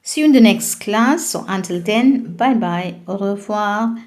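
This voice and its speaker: A woman's voice: mid-range voice, unhurried, darkish tone. A woman teaching a French lesson online, patiently repeating answers and putting questions to her class.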